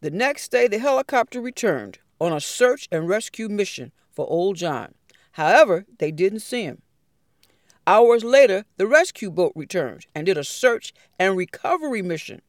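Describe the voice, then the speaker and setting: A woman storyteller spins a folk fable, stretching phrases and swinging her pitch expressively. The recording is close and dry, with no room sound. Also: sing-song, normal speed, dry recording.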